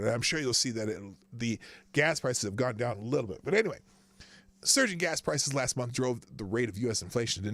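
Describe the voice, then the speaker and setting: A man's voice: medium pitch, fairly bright tone. A man hosting a casual live stream, chatting in a rambling way, thanking viewers and reading news aloud.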